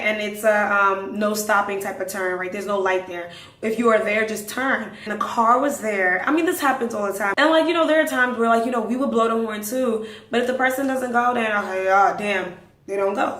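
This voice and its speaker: A young woman podcast host telling a wild story casually, acting out the quotes. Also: mid-range voice. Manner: animated, dramatic retelling with acted-out quotes. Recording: roomy, distant mic.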